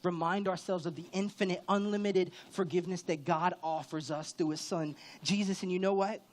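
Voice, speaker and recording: A man's voice: high voice, steady tone, fairly quick. A male pastor preaching a sermon in a candid, conversational way, with sudden emphatic rises. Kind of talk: church sermon.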